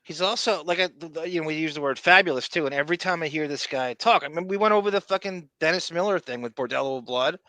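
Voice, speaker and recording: A man's voice: fairly high pitch, fast talker, hardly any pauses, bright, forceful tone, no room sound. A man co-hosting a podcast, talking in a blunt, rambling, profane casual way. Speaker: podcast co-host.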